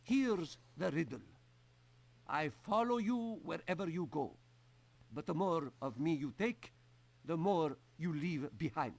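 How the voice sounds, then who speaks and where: Snooty riddle-giving game character. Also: male voice, fairly high pitch, expressive, unhurried, vocal fry, full character voice. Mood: haughty. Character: haughty riddle-posing male game character. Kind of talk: video game character dialogue.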